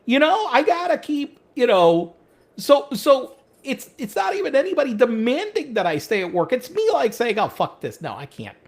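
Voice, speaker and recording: A man's voice: very high-pitched, moderate pace. A middle-aged man co-hosting a podcast in casual chat, talking animatedly with profanity and many stammering restarts. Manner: animated, profane, acts out quoted speech. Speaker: podcast co-host.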